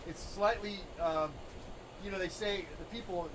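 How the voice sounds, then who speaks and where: A man's voice: sits high, steady tone, normal speed, background noise. A man hosting a live talk show while walking on a treadmill, rambling with many fillers and restarts. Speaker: show host painting on a treadmill.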